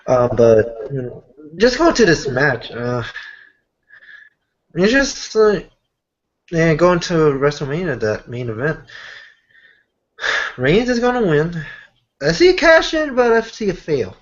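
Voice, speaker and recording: A man co-hosting a casual wrestling chat, talking haltingly with many fillers. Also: a little high, sing-song, muffled recording. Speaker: wrestling show co-host.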